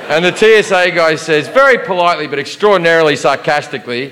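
An Australian man performing a stand-up routine, telling an animated story with sweary asides. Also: a little high, fast talker, hardly any pauses, long reverb tail, crowd noise. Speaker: stand-up comedian. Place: live comedy venue.

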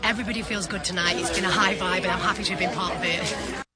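A female football fan speaking excitedly and quickly outdoors in a city. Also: lowish voice, very noisy. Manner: excited, fast, upbeat. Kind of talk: street vox pop. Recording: loud crowd behind, off mic. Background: loud crowd.

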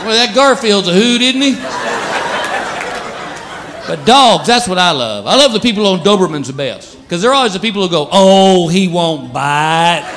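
A man's voice: high voice, moderate pace, pauses often. A man doing a stand-up routine, acting out his pets in silly voices. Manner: animated, acts out pets in funny voices. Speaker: stand-up comedian. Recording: live club with crowd and noise. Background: audience laughter.

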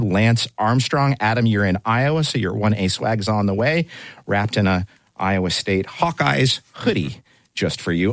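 Male talk radio host, deep voice, quick jokey banter, dry studio sound. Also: dry recording. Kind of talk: hosting a news roundup.

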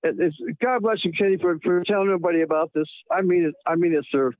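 A man's voice: sits high, fairly even intonation, fast, dry recording, muffled recording. A man calling in to a radio show, effusive and stumbling over his words. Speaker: caller. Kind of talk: phone-in call.

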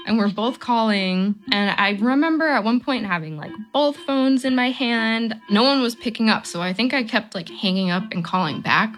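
A woman's voice: fairly high pitch, lively intonation, moderate pace, hardly any pauses. A woman in her thirties speaking candidly in an interview, conversational with frequent fillers. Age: 30s. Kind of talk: casual interview.

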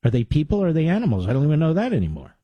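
A man's voice: on the high side, huge pitch swings, very fast, husky, dry recording, highs cut off. A man hosting a talk radio show, delivering a combative, sarcastic monologue into a studio mic.

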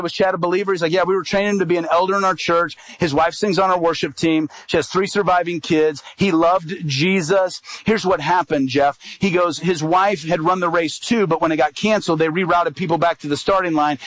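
A man's voice: fairly high pitch, steady tone, fairly quick, few pauses, fairly bright tone, dry recording, rough recording. A middle-aged man, an evangelist, telling a personal story in a sermon and acting out the quoted dialogue.

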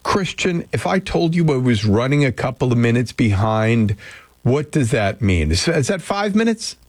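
A man's voice: mid-range voice, big pitch swings, normal speed. A man hosting a loose, chatty radio show, wandering from one thought to the next and making fun of himself. His voice sits in a middle range and comes through a studio mic with a dry, close sound and no room echo. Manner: rambling, chatty, self-deprecating. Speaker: radio host. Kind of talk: casual morning radio chat. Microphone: studio microphone.

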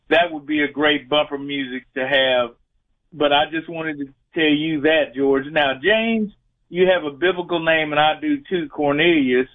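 A man, calling in to a radio show and chatting in a rambling, friendly way. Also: on the high side. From Louisiana, USA. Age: 60s. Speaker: caller. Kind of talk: radio call-in chat. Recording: phone line.

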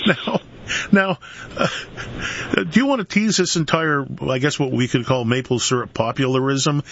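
A man's voice: medium pitch, a little slow, pauses often, fairly bright tone, highs cut off, a little hiss or hum. A man hosting a radio interview, asking questions with an amused, chuckling manner. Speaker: radio host.

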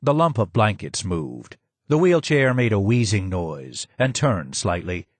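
A man narrating a first-person audiobook in a measured, descriptive way. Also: on the low side, big pitch swings, slightly rough, no echo.

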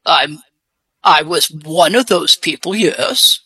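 A woman with a deep-pitched voice and a put-on English accent, a mystery guest on a radio guessing game who answers hesitantly with many fillers. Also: takes it slowly, bright, forceful tone, husky, no room sound.

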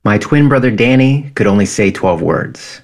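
Low-voiced man reading a personal essay. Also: lively intonation. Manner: quiet, measured, reflective.

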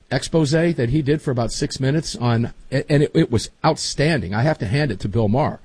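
A man's voice: medium pitch, a little mellow, husky, no echo. A man hosting a talk show in casual chat, folksy, rambling and enthusiastic.

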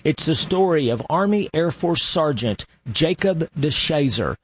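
A man hosting a radio show, narrating in a slow, deliberate way with long dramatic pauses. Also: a little high, lively intonation, slight background noise.

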